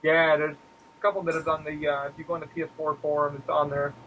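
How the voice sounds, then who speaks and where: A man chatting about video games on a podcast. He talks fast and a bit high, with a lot of energy. He jumps into yelping high voices when he quotes himself. A faint hiss sits under the recording. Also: phone-quality sound. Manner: animated storyteller who acts out quotes in squealing high voices, swears a lot. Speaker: podcast co-host. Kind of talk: casual gaming chat.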